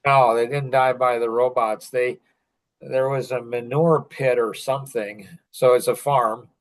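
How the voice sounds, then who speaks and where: A man in his sixties telling a story in a casual podcast chat, rambling and halting, with many fillers and restarts. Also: mid-range voice, fairly even intonation, rough recording.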